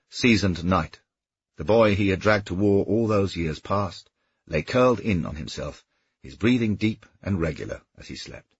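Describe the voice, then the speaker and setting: A man narrating an audiobook in steady storytelling, with a husky voice. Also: low-pitched, no room sound, muffled recording. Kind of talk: scripted narration.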